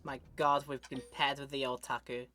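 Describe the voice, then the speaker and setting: A woman streamer giving casual gameplay commentary, rambling and joking with quick asides. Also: rumbling low, level tone, pushed and bright, soft background music.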